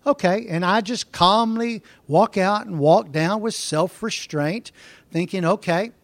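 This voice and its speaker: A man pastor preaching a sermon, telling folksy stories and slowing down to read scripture verse by verse. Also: high-pitched, no echo.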